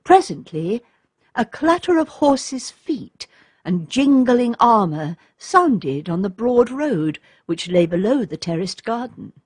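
A woman reading a storybook aloud in a calm, measured way, with a husky voice. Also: on the high side, no echo, clean studio sound. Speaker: audiobook narrator. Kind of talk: storybook narration.

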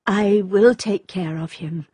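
Gentle sad princess mom from an old storybook, husky and slow, as a lady reader puts her on. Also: mid-range voice, no echo. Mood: sad, grave. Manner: tender and grave. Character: gentle, sorrowful young widowed princess mother.

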